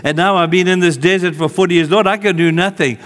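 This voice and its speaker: A man's voice: sits high, steady tone, quick pace, fairly bright tone, long reverb tail, pitched above the performer's own voice. A man voicing a trembling, self-doubting old male prophet who pleads and protests. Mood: pleading.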